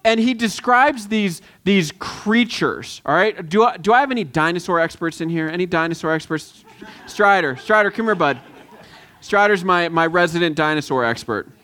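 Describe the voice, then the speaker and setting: A pastor giving a sermon in a conversational way, with many halting restarts and questions to the room. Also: male voice, high-pitched, fairly bright tone.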